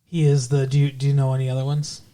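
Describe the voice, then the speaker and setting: A podcast co-host in casual chat about a TV show, joking, swearing and retelling scenes in quick quoted lines. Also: medium pitch, monotone, mellow.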